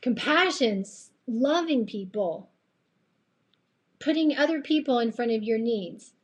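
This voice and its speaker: A woman's voice: fairly high pitch, animated, unhurried, slightly rough, muffled recording. A woman with a slightly tired voice giving an earnest, chatty faith-based motivational talk on a live stream, rambling and laughing often. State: voice a bit tired late at night. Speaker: live-stream host and coach.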